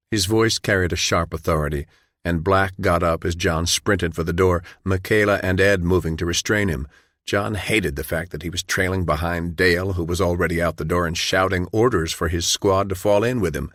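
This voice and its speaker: A man narrating an audiobook in a measured, even storytelling way. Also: low-pitched, no room sound, studio quality. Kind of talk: scripted narration.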